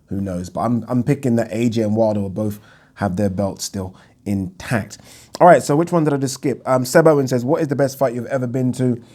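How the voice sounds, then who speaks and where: A man's voice: mid-range voice, fairly quick, warm tone. A man hosting his own boxing Q&A, answering viewer questions in a frank, rambling way with many ums. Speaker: boxing YouTube host. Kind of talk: casual Q&A chat.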